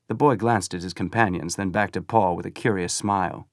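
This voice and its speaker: A man reading a novel aloud as an audiobook narrator, measured and steady. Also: low voice, no room sound, studio quality. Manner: measured storytelling. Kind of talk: scripted narration.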